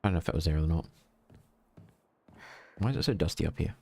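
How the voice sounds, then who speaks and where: A man's voice: extremely low pitch, quick pace, gravelly, warm tone. A young man streaming a horror game, chatting casually with self-mocking jokes and asides. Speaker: VTuber streamer. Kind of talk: casual gameplay commentary.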